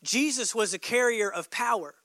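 A male pastor preaching a sermon, emphatic, dropping suddenly soft and adding joking asides to the congregation. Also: extremely high pitch, normal speed, no room sound, clean studio sound.

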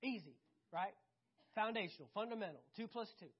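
A woman preaching a sermon, animated and conversational, often asking the congregation questions. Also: mid-range voice, fairly quick, husky, highs cut off.

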